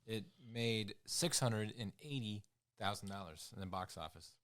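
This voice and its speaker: A man's voice: fairly low pitch, normal speed, a bit bright. A man co-hosting a podcast, reacting dryly and giving a hesitant take on a film. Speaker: podcast co-host. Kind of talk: casual podcast chat.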